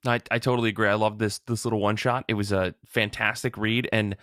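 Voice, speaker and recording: Podcast host guy, low voice, dry mic, chill and agreeable. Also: level tone, quick pace, fairly bright tone, dry recording. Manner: friendly, laughs often, agreeable. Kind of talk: casual podcast chat.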